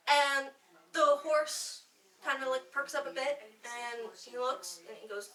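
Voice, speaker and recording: A woman's voice: high-pitched, unhurried, bright, forceful tone. A woman telling dad jokes to a small group, laughing at her own punchlines and rambling with fillers. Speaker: joke teller at a bardic circle. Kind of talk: casual live joke telling. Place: indoor gathering room with listeners. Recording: roomy echo, voice from a distance.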